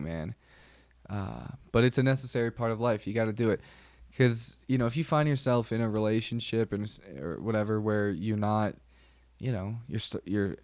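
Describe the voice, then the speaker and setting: A man's voice: fairly low pitch, a little mellow, no echo. Rambling, joking man podcast host. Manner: rambling, self-deprecating jokes, many ums and restarts. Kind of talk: casual solo podcast monologue.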